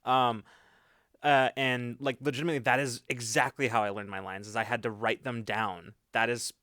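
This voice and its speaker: A man hosts a casual live stream chat in a smooth, resonant voice. He speaks haltingly, leaning on fillers, and teases the others, with a close, dry sound. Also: mid-range voice, fairly even intonation, pushed and bright, dry recording. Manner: halting, full of fillers and teasing.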